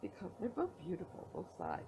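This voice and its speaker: A woman's voice: fairly low pitch, huge pitch swings, fairly quick, noisy background. A tired middle-aged woman hosting a knitting podcast from her home, chatting casually and rambling as she shows her projects with playful reveals. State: tired, yawning. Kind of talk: casual show-and-tell chat. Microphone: tablet recording.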